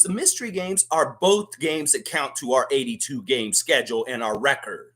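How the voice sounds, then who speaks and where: A man's voice: mid-range voice, normal speed, few pauses. A man hosting a live fan sports show, ranting heatedly and swearing freely. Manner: excitable, emphatic. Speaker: host of a fan basketball show. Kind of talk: live sports preview rant.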